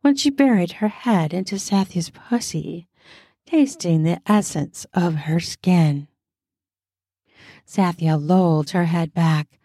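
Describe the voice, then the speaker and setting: A woman hosting a podcast and narrating an erotic audio story in a slow, deliberate reading voice. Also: on the low side, dark tone, no echo, clean studio sound.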